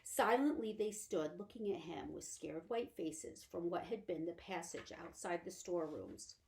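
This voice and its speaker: A woman's voice: on the low side, animated, normal speed, gravelly, a little mellow. A woman reading a children's novel aloud as a library storyteller. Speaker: librarian reader.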